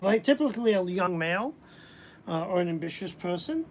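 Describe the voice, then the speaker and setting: A woman's voice: on the low side, lively intonation, fairly quick, darkish tone. A woman giving a casual live-stream tarot reading, chatty and hesitant, with frequent restarts. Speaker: tarot reader. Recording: faint background noise.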